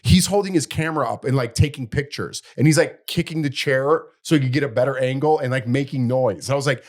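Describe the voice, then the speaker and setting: A man's voice: mid-range voice, brisk. A middle-aged man, a podcast co-host, telling a story in casual chat and acting out the people in it. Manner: animated storyteller, acts out quoted people.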